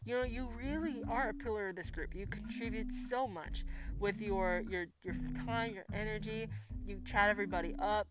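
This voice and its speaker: Music plays behind a woman of medium pitch talking at a normal speed. She hosts a casual livestream, reading comments from viewers and responding to them, with free swearing, frequent laughter and lively reactions.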